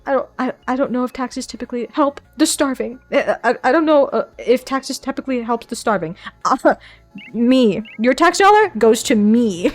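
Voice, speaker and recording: A young woman VTuber chatting live with her viewers, excitable, swearing and laughing often, into a desk mic at home. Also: fairly high pitch. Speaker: VTuber streamer. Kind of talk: casual live-stream chat. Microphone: desk microphone.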